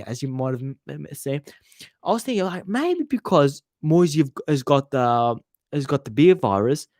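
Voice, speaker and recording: A man's voice: on the high side, darkish tone, no room sound, clean studio sound. A young man hosting a casual football livestream, rambling and swearing as he reads viewer comments. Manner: chatty and rambling, swears freely, trails off mid-sentence. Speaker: football channel host.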